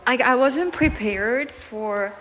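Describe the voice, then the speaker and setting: A woman with a fairly high voice talks slowly and gently as she chats in a home vlog. She coos at her pet with soft, doting baby-talk and drops into hushed asides. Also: slight background noise. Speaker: vlogger. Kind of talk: casual vlog chatter, talking to a pet.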